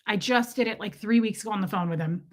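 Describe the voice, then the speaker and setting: A woman in her forties hosting a casual livestream, telling stories in an animated way and reading viewer comments aloud. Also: mid-range voice, fast. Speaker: livestream host.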